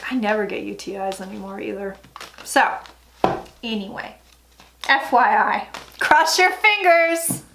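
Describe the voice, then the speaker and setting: A woman psychic talking through a tarot reading in a chatty, dramatic way, with sudden loud asides. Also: medium pitch, measured pace, pauses often, background noise. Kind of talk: casual tarot reading vlog.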